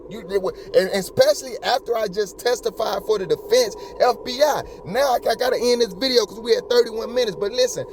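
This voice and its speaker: A man's voice: sits high, fast talker, few pauses, slight background noise. A man giving heated casual commentary as a true-crime YouTuber, slangy and passionate, and he keeps calling his listeners homie and bro. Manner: passionate and repetitive.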